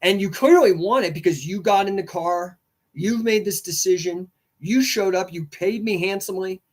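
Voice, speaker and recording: A man with a notably high speaking voice talks in a loose, rambling livestream monologue. He plays out imagined exchanges with clients and drives his points home emphatically, like a middle-aged coach hosting his own show. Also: normal speed. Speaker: coach and podcast host.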